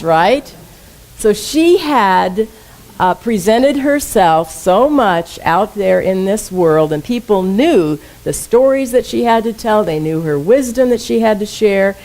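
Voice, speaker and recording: A woman's voice: mid-range voice, a little mellow, low-quality recording. A woman minister giving a conversational sermon to her congregation, often asking them questions. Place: church sanctuary.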